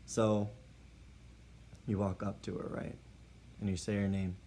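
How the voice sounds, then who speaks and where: A man with a lowish voice delivering tongue-in-cheek dating tips. He keeps a mock-serious, playful tone throughout. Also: flat delivery, unhurried, pauses often, warm tone, slight background noise. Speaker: comedic advice host. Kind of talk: mock dating-advice comedy monologue.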